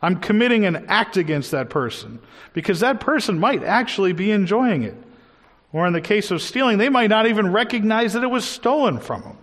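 A man's voice: sits high, expressive. Preacher man in a reverberant hall. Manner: earnest, slows down to stress key words. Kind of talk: sermon.

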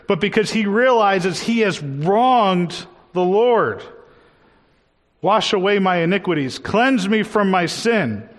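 A man preaching a sermon earnestly, slowing down to stress his key words. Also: high voice. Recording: long hall reverb.

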